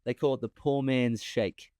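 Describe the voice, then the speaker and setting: A man talking as a podcast guest over a remote call, an animated storyteller who often repeats himself. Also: mid-range voice, moderate pace, clear, resonant tone, no room sound. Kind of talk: casual interview talk.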